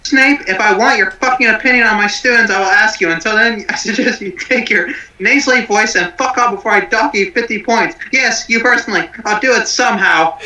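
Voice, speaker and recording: A man's voice: sits high, fairly quick, hardly any pauses, pushed and bright, roomy sound, poor audio. A man putting on a foul-mouthed, furious celebrity chef who teaches at a wizard school, ranting and swearing constantly.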